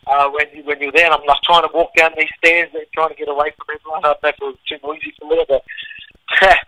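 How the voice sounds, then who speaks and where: A young man with an Australian accent talks as an interview guest in an easygoing, chatty way. His voice sits a little high and sounds bright and ringing, with a dry, close sound and no room echo. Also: level tone, fast talker. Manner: laid-back and chatty, laughs easily. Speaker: guest fighter. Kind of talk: casual phone interview.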